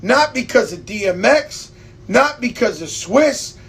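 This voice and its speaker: His pitch is extremely high, husky and a bit bright as he hosts a live stream at an unhurried, expressive pace. The stories are loose, laced with swearing and laughs, delivered in a New York accent.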